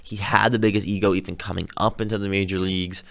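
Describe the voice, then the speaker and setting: Male sports podcast host, deep smooth voice, opinionated and rambling. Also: level tone, fast, fairly bright tone. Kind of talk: casual sports talk.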